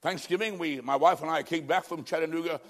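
A man's voice: fairly high pitch, quick pace. A male preacher from Illinois telling a personal story in a sermon, emotional and pleading.

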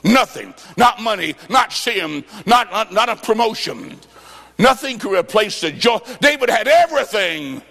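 A man preaching a sermon, telling stories and acting out both sides of a conversation, jokey and emphatic, swinging between loud and soft. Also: sits high, big pitch swings, unhurried, creaky, in a large hall.

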